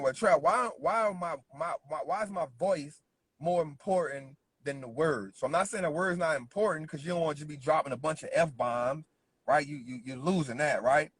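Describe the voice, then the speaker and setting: A man delivers a motivational business lesson in a slightly husky, somewhat high voice. He hammers each point through repetition and keeps asking the listener "right?" The effect is insistent and coaching. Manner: emphatic, repeats points with constant "right?" check-ins. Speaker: business speaker.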